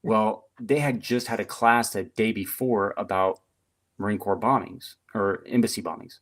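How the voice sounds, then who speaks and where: A middle-aged man with a fairly low voice tells stories from his service years as a podcast guest. His delivery is chatty and animated, loose with fillers. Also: normal speed. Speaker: podcast guest, retired Marine. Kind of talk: casual storytelling interview.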